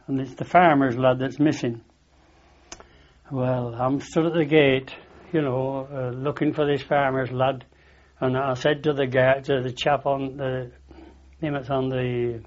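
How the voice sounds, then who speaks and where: Speaking unhurriedly in a mid-range, slightly mellow voice with fairly even intonation, an older Lancashire man tells a long, wandering story in a chatty interview. He repeats "I said" and laughs at his own tale, and the recording is dull and lo-fi.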